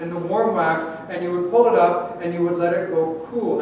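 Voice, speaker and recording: High-voiced pastor preaching in an echoey church. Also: male voice. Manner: rhetorical questions, slow emphatic phrasing, drops to a hush. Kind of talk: sermon. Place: church sanctuary. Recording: very echoey church from a distant mic, faint rumble.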